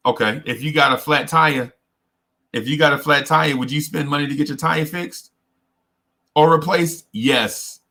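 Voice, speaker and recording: A man hosting a casual advice talk, speaking earnestly in halting phrases with many restarts and repeated words. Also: on the high side, steady tone, sharp tone. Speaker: host.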